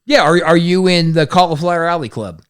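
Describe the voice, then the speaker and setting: A man's voice: on the high side, fairly quick, smooth. A man hosting a podcast, trading crude jokes in casual chat. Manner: crude, joking banter. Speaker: podcast host.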